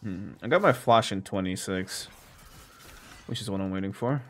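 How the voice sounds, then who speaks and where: A young gaming streamer talks casually over his gameplay in a low-pitched voice at a moderate pace. He jokes around, rambles, and pokes fun at himself as he plays.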